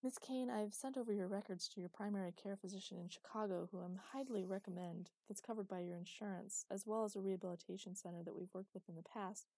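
Woman reading a courteous hospital doctor; mellow, unhurried. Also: mid-range voice, fairly even intonation, no echo, lightly acted, poor audio. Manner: polite, businesslike. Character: polite professional woman doctor. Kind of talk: audiobook character voice.

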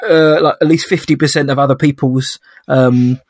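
A man's voice: medium pitch, fairly even intonation, moderate pace, a little mellow, no echo, clean studio sound. A young man co-hosting a podcast in casual, laughing banter. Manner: jokey, laughs often, banter. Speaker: podcast co-host. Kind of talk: casual chat.

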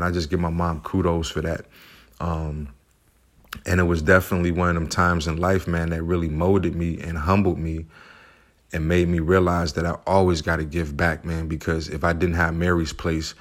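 Deep-voiced man telling a heartfelt story. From United States. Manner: heartfelt, loose speech full of "you know" and "man". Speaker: single father sharing his life story. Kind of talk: personal storytelling.

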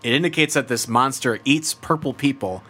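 A man co-hosting a casual podcast, rushing through song trivia and laughing often. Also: mid-range voice, a bit bright, husky. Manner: rushed, laughing, trivia-heavy.

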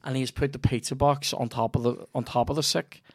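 A man with a Northern Irish accent, hosting a casual comedy podcast and telling a sweary, animated anecdote. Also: mid-range voice, a little fast. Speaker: podcast host.

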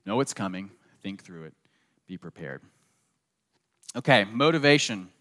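Earnest preacher in a reverberant hall. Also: male voice, fairly low pitch, animated, measured pace, a bit bright. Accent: slight Southern. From southeastern United States. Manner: earnest, repeats phrases for emphasis, asks "okay?". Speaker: pastor. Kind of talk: sermon.

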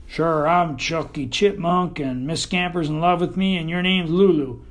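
A man with a Texan accent voicing a dazed, dopey male dog who talks in a slow, dreamy way in an audiobook. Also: fairly high pitch, steady tone, natural voice. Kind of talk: audiobook character voice.

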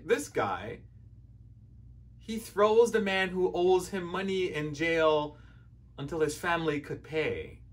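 A man's voice: a little high, a bit bright. A man preaching a sermon in a conversational, storytelling way, briefly acting out voices from the parable.

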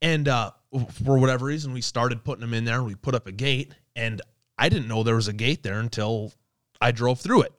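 A man's voice: medium pitch, a little fast, no echo, clean studio sound. A man telling his own snowmobile crash story in casual, profane chat, acting out what he said. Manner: animated, swearing, acts out his own words.

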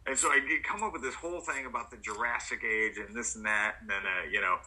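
Low, bright-voiced man telling a story. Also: fast, poor audio. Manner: animated, acts out quotes. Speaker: actor guest. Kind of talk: storytelling in a podcast interview.

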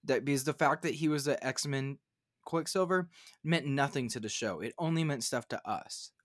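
A man co-hosting a podcast in casual chat, animated and rising to loud, high complaints when annoyed. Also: normal speed, no echo, clean studio sound. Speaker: podcast co-host.

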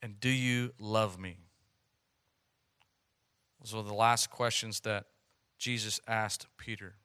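Male pastor, bright ringing voice, earnest sermon delivery with swells of emphasis. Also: lowish voice, fairly even intonation, takes it slowly, clear, resonant tone.

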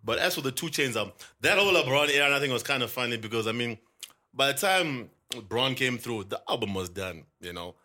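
A man's voice: medium pitch, fairly quick. A man co-hosting a podcast, in casual, joking, profane banter. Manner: animated, joking, swears freely. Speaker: podcast co-host.

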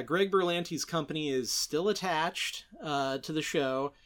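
Casting note: man, thirties, podcast host with a slightly higher voice, chatty and sarcastic, animated delivery. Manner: animated, sarcastic, addresses companies directly. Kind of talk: casual news commentary podcast.

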